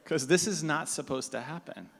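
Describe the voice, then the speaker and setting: A man's voice: on the high side, normal speed, creaky, fairly bright tone. A man telling a story to a live audience in a conversational way, acting out the lines of the people in it. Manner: conversational, acts out quoted dialogue. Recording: reverberant hall sound.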